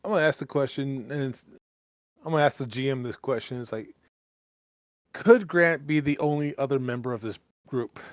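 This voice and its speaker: A man's voice: medium pitch, moderate pace, no echo, studio quality. A man playing a tabletop game who jokes and laughs easily while asking the game's questions. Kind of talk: casual tabletop game play.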